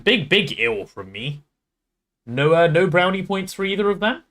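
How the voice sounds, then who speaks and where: A man streaming, reading a novel aloud and then chatting casually, animated and swearing freely. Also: sits high, normal speed.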